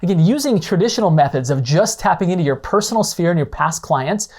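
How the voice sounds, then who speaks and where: A man's voice: high voice, lively intonation, quick pace, darkish tone. A man hosting an instructional podcast, explaining ideas in a conversational way with frequent checking-in questions. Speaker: podcast host. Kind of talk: instructional monologue.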